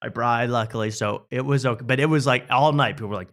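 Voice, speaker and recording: A man's voice: medium pitch, fast talker. A young adult man hosting, telling a self-mocking story in casual chat and acting out the people in it. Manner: animated, self-mocking, acts out quotes. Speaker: host.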